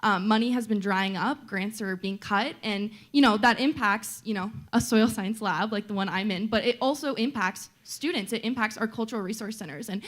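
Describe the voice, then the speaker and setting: A woman's voice: medium pitch, normal speed, hardly any pauses, fairly bright tone. A young woman, a student vice-presidential candidate, answering questions in a campus debate in a conversational way with frequent fillers.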